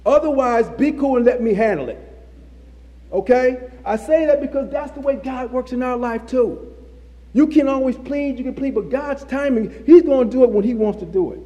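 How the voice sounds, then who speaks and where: A man's voice: very high-pitched, normal speed, mellow. A man preaching a sermon, repeating phrases for emphasis. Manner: repetitive, emphatic preaching with restarts. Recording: long hall reverb.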